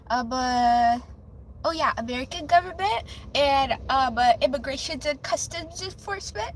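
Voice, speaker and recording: Young woman streamer, high voice, unhurried delivery, giggly and rambling chat, faint noise in the background. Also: poor audio. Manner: chatty, giggly, with frequent fillers and restarts. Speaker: livestream host. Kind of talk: casual live stream chat.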